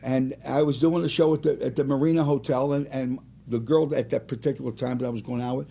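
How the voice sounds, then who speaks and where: A man around seventy, a singer and restaurant owner, telling rambling, animated stories as a guest in a casual interview. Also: mid-range voice, fast, vocal fry. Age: about 70.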